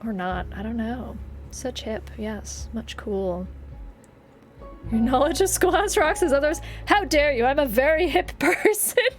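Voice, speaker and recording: Laughing often and cursing freely, a bright, high-voiced woman narrates her game live as she streams. You can clearly hear the game's music playing behind her.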